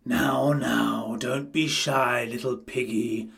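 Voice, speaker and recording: A man reading a storybook aloud and voicing a hungry, scheming male wolf in a low, gruff growl. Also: steady tone, slow, fairly bright tone, recorded from a distance, heavily acted. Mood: wheedling.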